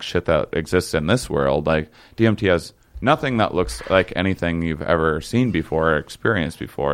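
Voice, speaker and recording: A young man with a very low, gravelly voice that still comes through smooth and resonant. He tells a long story in a loose, rambling way, full of fillers, restarts and short laughs. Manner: rambling, halting, many fillers and restarts, laughs while telling. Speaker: guest telling a story. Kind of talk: casual storytelling chat.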